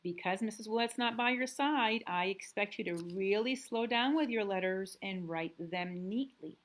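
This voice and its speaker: A woman teacher reading a worksheet aloud to young students, drawing out words and talking patiently. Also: mid-range voice. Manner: slow, deliberate reading with drawn-out words; patient, encouraging classroom tone. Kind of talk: recorded remote lesson for young students.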